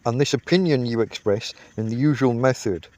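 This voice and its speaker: A man reading a classic comic novel aloud as an audiobook, telling it in an unhurried, expressive way. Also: mid-range voice. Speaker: audiobook reader.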